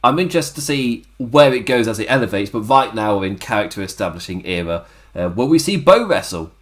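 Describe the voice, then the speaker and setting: A man with a worn-out, hoarse throat, co-hosting a casual wrestling review podcast and laughing often. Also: on the low side, animated, brisk. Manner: laughs often, chatty and self-mocking. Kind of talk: casual chat.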